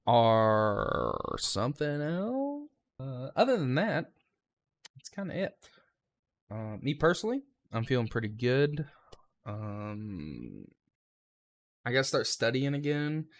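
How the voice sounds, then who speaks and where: A young man recaps his conductor training in a loose, rambling vlog, cursing casually and restarting his sentences. His pitch swings widely as he talks. The sound is dry and close, with no room echo.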